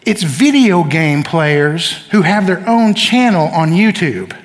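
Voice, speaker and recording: A middle-aged man preaches from the pulpit in a high, ringing voice. He is emphatic and keeps prodding the congregation to answer back. His words trail into the long reverb of a church hall. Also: big pitch swings, slow pace. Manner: emphatic, calls for audience responses. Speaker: pastor. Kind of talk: sermon. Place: church sanctuary.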